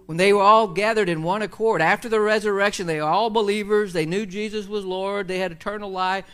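High-voiced man preaching casually. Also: steady tone, a little fast, a bit bright, clear, resonant tone. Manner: conversational preaching with many fillers and restarts. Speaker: pastor. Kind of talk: sermon.

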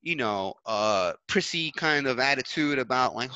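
Lively bright-voiced man from New York. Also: medium pitch, moderate pace, clean tone, no room sound, low-quality recording. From New York City. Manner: animated storytelling, swearing, many fillers and restarts. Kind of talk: casual chat.

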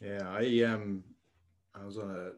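A man's voice: fairly low pitch, steady tone, measured pace. A man hosting a podcast, in casual conversation, thoughtful and searching for his words. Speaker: podcast host.

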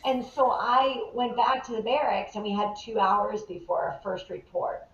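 A woman guest in a podcast interview, telling a story in a lively, animated way and acting out the people in it. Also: medium pitch, moderate pace. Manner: animated, acts out the people in her stories. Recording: roomy, slightly dull sound.

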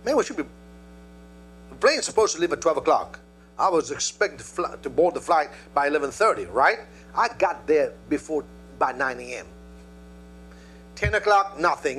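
Bright, high-voiced male preacher. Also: slight background noise. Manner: animated, calls out to the congregation. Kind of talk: sermon with a personal story.

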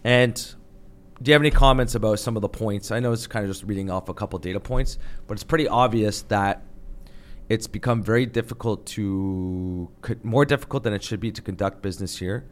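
A man with a somewhat low voice, arguing his point on a podcast. He talks in a heated, emphatic way and often builds into a rant. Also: fairly quick. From Canada. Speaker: podcast guest or host. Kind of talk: podcast discussion.

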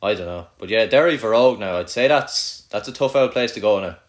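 A man's voice: lowish voice, a little fast. A young man with an Irish accent from Kildare, hosting casual banter with a friend, teasing and swearing a lot, with many "like"s.

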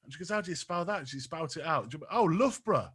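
Casual male co-host, very bright tone, lively and sweary storyteller. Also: a little high, rapid-fire, husky. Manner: animated, swears, laughs a lot. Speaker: podcast co-host. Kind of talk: casual banter.

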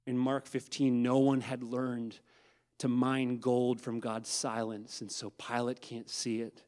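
A man preaching a sermon who addresses his listeners as guys and swings from hushed tones to loud emphasis. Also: mid-range voice, little pitch movement, measured pace. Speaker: pastor.

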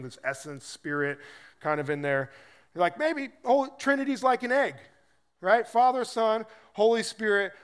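A man's voice: on the high side, a bit bright, clear, resonant tone. A man preaching a sermon in a loose, conversational way, acting out quoted voices as he explains scripture. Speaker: pastor.

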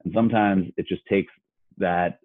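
A male host with a very deep voice rambles through his thoughts, often repeating words as he goes. He sounds tinny, as if heard over a phone line. The sound is dry, with no echo. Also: fairly even intonation, normal speed. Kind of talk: casual interview chat.

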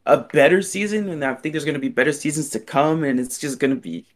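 A man's voice: fairly high pitch, animated, fast talker. Easygoing young man, upbeat chat. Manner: easygoing, upbeat, lots of "like" fillers. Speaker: podcast co-host. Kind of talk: casual fan podcast chat.

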